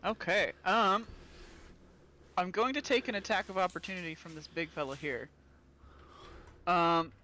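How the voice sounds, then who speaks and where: A man's voice: high-pitched, a little slow, pauses often, bright, forceful tone. A man playing a tabletop game, cheerful and playful as he plans his moves. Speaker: player. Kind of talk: casual tabletop play.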